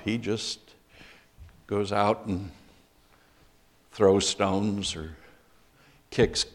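A man teaching a Bible class in a conversational way, asking the group questions as he explains scripture. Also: mid-range voice.

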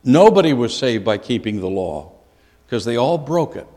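A man's voice: medium pitch, big pitch swings, moderate pace, mellow. A man leading a Bible study lesson, earnest and given to repeating key phrases for emphasis. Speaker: Bible teacher. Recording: long reverb of a large hall.

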